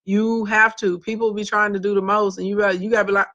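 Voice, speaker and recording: A woman's voice: medium pitch, flat delivery, quick pace, a bit bright, dull audio. A woman with a Southern US accent, a business coach talking bluntly and sassily to viewers in a casual live stream. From Southern United States. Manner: sassy, blunt and talkative.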